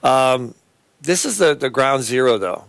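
A man hosting a Christian talk show and preaching, speaking in a halting way with many fillers and restarts. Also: medium pitch, expressive, creaky, fairly bright tone, no echo.

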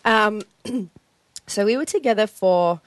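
A young woman chatting casually as a guest, telling an animated story full of "like" and acted-out quotes. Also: mid-range voice, takes it slowly, dry recording. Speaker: guest sharing a testimony. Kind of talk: casual chat.

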